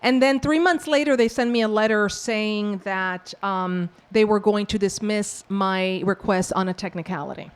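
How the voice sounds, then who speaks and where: A woman from the Bronx, an author and professor, answering audience questions with lively, acted-out storytelling. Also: mid-range voice, moderate pace, few pauses, smooth. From New York, the Bronx. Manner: animated storyteller who acts out quoted exchanges. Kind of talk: book talk Q&A, storytelling.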